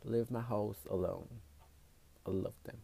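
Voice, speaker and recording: A man's voice: on the low side, steady tone, unhurried, gravelly, warm tone, slightly rough. Blunt, foul-mouthed man. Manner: blunt, profane, switching between English and Spanish. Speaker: podcast host. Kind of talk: casual solo podcast monologue.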